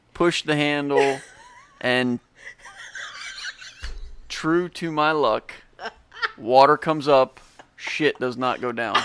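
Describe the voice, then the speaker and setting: Male podcast co-host, 30s, dry profane storyteller, noisy mic. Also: on the high side. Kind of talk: casual storytelling chat.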